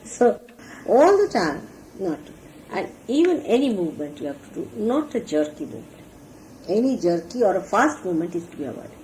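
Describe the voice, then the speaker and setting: In an old archival recording with poor audio and faint hiss, a female spiritual teacher preaches fairly quickly in a mellow, mid-range voice full of big pitch swings. Earnest and instructive, she teaches her followers how to act and shows each point through gestures.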